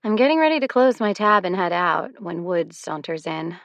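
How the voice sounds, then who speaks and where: A woman reading a first-person novel aloud as an audiobook narrator, in a wry, measured storytelling manner. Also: on the low side, lively intonation, creaky, fairly bright tone, no echo.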